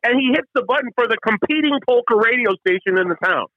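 A man co-hosting a casual hockey show, telling stories quickly with lots of stumbles and restarts. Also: extremely high pitch, animated, no echo, narrow, tinny audio. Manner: rapid storytelling with frequent restarts. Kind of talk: casual sports chat.

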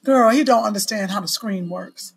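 A woman's voice: mid-range voice, normal speed, gravelly. Woman co-host over crowd noise. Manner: brief encouraging interjections. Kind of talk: casual chat. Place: TV studio. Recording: busy crowd noise behind.

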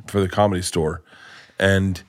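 A comedian guest telling a rambling, animated anecdote in conversation, full of restarts and self-corrections. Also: male voice, deep voice, moderate pace.

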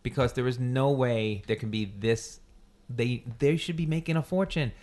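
A man's voice: mid-range voice, moderate pace, darkish tone. A man hosting a casual chat, telling rambling joking stories. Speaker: podcast host.

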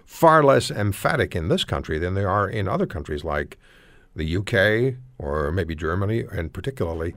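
A man from Canada hosting a radio talk show, animated and rambling as he searches for words. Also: low-pitched, normal speed, no echo.

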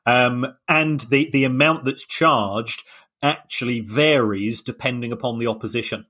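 A man's voice: mid-range voice, unhurried, pushed and bright. Man explaining, stumbling over repeats. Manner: hesitant, repeats words as he explains. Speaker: podcast co-host, finance analyst. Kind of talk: casual podcast explanation.

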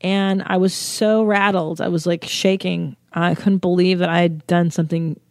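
A woman's voice: fairly low pitch, level tone, normal speed, no echo, clean studio sound. A young woman comedian telling a travel story with lots of swearing and self-mocking jokes. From United States. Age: young adult. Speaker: comedian and podcast host. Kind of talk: comic storytelling.

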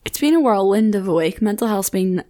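A young woman with a southern Irish accent, hosting a podcast in casual chat, laughing often and adding quick asides. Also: mid-range voice, lively intonation, mellow. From Ireland. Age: 20s. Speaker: podcast host.

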